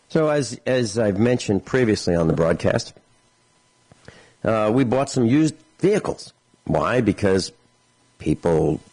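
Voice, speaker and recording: A man's voice: low-pitched, darkish tone, rough recording. A man hosting a radio talk show in a chatty, rambling way, piling up lists of words and acting out the people in his stories. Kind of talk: casual radio monologue.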